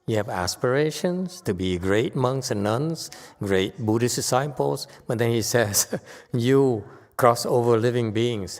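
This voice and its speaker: A man giving a Buddhist lecture, pressing his listeners with pointed rhetorical questions and jumping up in pitch to stress a point. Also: animated, a little slow, few pauses, a little mellow, big-room sound. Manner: sudden rises in pitch and force when stressing a point. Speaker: Buddhist teacher. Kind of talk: Dharma lecture.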